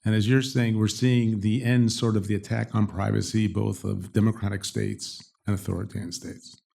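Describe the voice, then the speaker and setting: A man from Canada asking a long, rambling, halting question from the audience at a public talk. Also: on the low side, little pitch movement, vocal fry, dark tone, husky. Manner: rambling, halting, self-interrupting.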